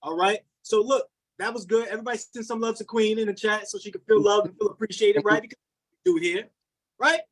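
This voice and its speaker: A man's voice: sits high, steady tone, quick pace. A man hosting a group video call and delivering a repetitive, rallying motivational pep talk. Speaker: motivational coach and call host.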